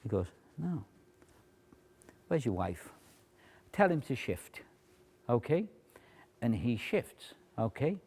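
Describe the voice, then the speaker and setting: A man teaching a stage routine, explaining how he cues volunteers and dropping to a hushed near-whisper to demonstrate. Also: mid-range voice, sing-song, slow pace, pauses often, breathy edge. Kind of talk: demonstration lecture.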